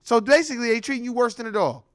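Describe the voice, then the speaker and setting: High-voiced man ranting bluntly. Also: lively intonation, racing, no room sound, clean studio sound. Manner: heated, blunt, storytelling with acted quotes. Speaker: host. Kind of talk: profane ranting commentary.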